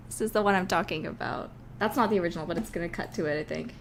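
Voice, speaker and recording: A woman's voice: lowish voice, slight background noise. A woman game developer chatting casually and rambling on a live stream, often breaking into giggles.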